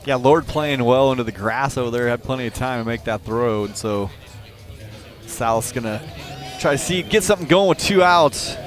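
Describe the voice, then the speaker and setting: Brief: male color commentator, relaxed and rambling, at an outdoor ballpark, music playing behind. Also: medium pitch, moderate pace. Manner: relaxed, rambling analysis with restarts. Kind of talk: live high school baseball commentary.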